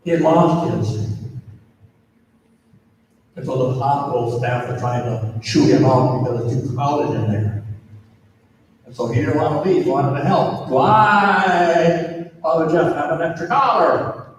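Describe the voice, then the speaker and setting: A man from Minnesota, a priest, telling a story to an audience in a slow, deliberate way with dramatic pauses and repetition. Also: medium pitch, mellow, distant mic, a little hiss or hum. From Minnesota, USA. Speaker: priest giving a talk. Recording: echoey hall, voice heard from afar.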